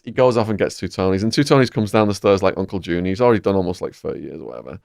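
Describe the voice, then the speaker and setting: English man, lively podcast storyteller. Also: low voice, racing, vocal fry, few pauses, dry recording, studio quality. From England. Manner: vivid, animated storytelling. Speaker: podcast host. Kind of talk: storytelling in a conversation.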